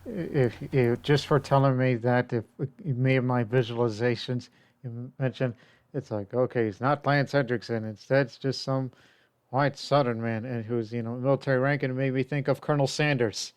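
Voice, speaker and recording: Male co-host, smooth resonant voice, halting casual replies. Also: mid-range voice, fairly even intonation. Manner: hesitant, short reactive replies. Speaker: podcast co-host. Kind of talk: casual gaming podcast chat.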